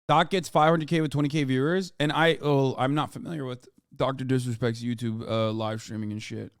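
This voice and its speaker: A man streaming casual reaction commentary, rambling with fillers and swearing, turning loud and heated when he rants. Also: mid-range voice, fairly even intonation, a little fast, clean tone, dry recording, studio quality. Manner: profane, rambling, with frequent fillers.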